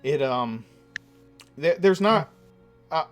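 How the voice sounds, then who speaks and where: A man narrating as dungeon master of a tabletop game, measured and full of uhs and ums. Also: fairly high pitch, animated, faint music behind. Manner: measured, with frequent uh and um.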